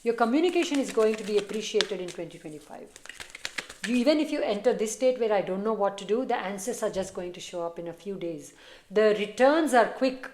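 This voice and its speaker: A chatty woman reads tarot for her viewers in an encouraging, easygoing way, and now and then her voice sinks to a soft murmur. Her voice sits at a middling pitch. It is recorded on a phone in a noticeably echoey room. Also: expressive, fairly quick, a little hiss or hum. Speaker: tarot reader. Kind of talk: casual tarot reading to camera. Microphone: phone camera.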